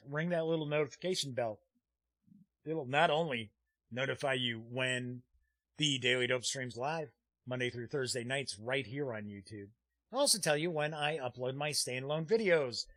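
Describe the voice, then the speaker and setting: A man's voice: fairly high pitch, fairly bright tone, no echo. A man hosting a live-streamed tabletop gaming show, chatting casually and rambling with frequent "uh" fillers as he reads viewer comments aloud. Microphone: streaming desk mic.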